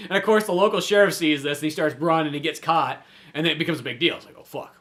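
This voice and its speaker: A man co-hosting a casual movie podcast, chatting at a rapid clip. His voice sits a little high and sounds bright and sharp. He rambles, swears freely and fills every pause with "like". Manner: rambling and profane, heavy use of "like". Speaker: podcast co-host. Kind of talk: casual movie review chat.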